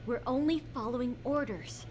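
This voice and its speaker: Young female agent, voiced by a woman, brisk and firm, somewhat high. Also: darkish tone, a little hiss or hum, natural voice. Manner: firm, businesslike. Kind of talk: video game cutscene acting.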